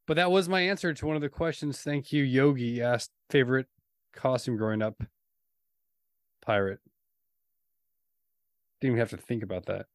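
A man of middle pitch co-hosts a laid-back podcast, joking and ribbing his partner in a playful way. His voice comes through dry and close, with no room sound. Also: normal speed, pauses often, dry recording. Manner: teasing, playful. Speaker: podcast co-host. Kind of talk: casual chat.

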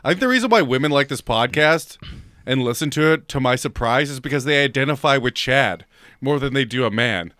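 A man's voice: medium pitch, lively intonation, brisk, pushed and bright, dry recording. Young male podcast co-host, dry sound, teasing and laughing through casual banter. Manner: teasing, laughs often, mock-exasperated.

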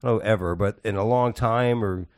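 A man's voice: fairly low pitch, a little fast, dry recording, clean studio sound. A man hosting a casual podcast chat, rambling with restarts and swearing often.

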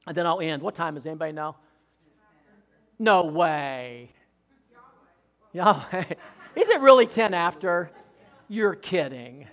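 A male preacher delivering a sermon with fervor, swinging between loud exhortation and quiet asides. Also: high-pitched.

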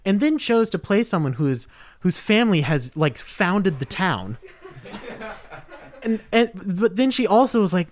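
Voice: mid-range voice, big pitch swings, measured pace. A cast member chatting casually and praising a castmate. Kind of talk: casual chat.

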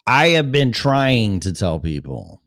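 A man's voice: on the low side, very animated, slow pace, creaky, a bit bright, no room sound, studio quality. A man in his fifties hosting a show, talking in a rambling, profane, blunt way. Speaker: podcast host. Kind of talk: casual monologue.

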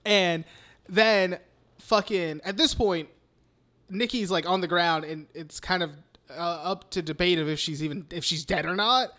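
A man's voice: high-pitched, unhurried, bright, forceful tone. A young man hosting a podcast, recapping a film in rambling, profane casual chat full of "like". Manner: rambling, profane, heavy use of "like". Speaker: podcast host.

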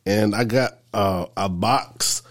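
A man's voice: lowish voice, slow pace. A man co-hosting a church podcast in a laid-back, rambling casual chat. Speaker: podcast co-host.

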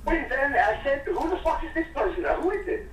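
Loud, incredulous swearing caller. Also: male voice, very high voice, very animated, fast, echoey room, distant mic, background noise. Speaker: phone-in caller. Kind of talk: crude comedic banter. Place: outdoors.

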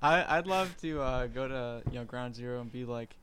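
A man co-hosting a comedy podcast, throwing in quick jokes and prompts. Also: mid-range voice, crowd noise. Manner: quick, joking interjections. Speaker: podcast co-host. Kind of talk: casual comedy banter.

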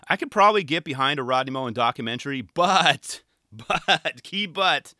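Animated, rambling podcast host. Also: male voice, a little high, dry recording, studio quality. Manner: animated, rambling, self-deprecating. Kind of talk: casual chat.

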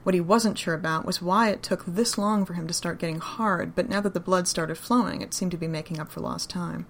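A woman narrating a romantic story in an expressive, intimate reading. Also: on the low side, brisk, a little hiss or hum. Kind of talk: fan fiction reading.

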